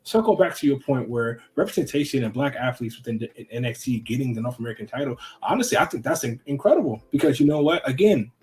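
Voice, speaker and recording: A man's voice: fast talker, hardly any pauses. A man guest on a podcast, talking earnestly and casually, repeating phrases as he goes. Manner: earnest, repeats himself, goes high when excited.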